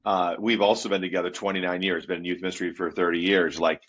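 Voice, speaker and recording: A husky, fairly low male voice belonging to a youth pastor in his fifties. He tells his story in an animated, casual way and laughs along as he goes. The recording sounds dull and lo-fi. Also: fast talker.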